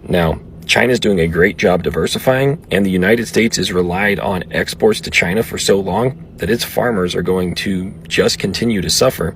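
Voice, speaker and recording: Gravelly low-voiced male narrator. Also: moderate pace, hardly any pauses, fairly bright tone, a little hiss or hum. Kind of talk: news-style narration.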